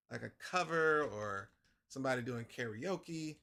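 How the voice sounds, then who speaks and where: A middle-aged man chats on a live stream while he draws a comic. His bright, gravelly voice swoops up and down as he acts out his own indignant outbursts. He tells stories with a lot of energy. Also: mid-range voice, animated, moderate pace. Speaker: livestream host drawing a comic. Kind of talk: casual chat while working.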